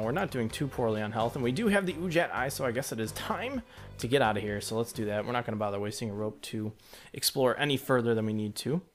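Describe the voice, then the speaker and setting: A man talks through his own gameplay in a loose, chatty way, his voice sitting at an ordinary middle pitch. He gets excited at near misses and explains items as he goes. Game music plays faintly underneath. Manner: chatty, excitable, thinks aloud about each move. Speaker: gameplay commentator. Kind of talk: let's play commentary.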